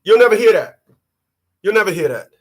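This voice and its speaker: A man hosting his channel in a profane, emphatic rant, often shouting. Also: sits high, big pitch swings, a little fast, husky. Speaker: channel host. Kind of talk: ranting commentary.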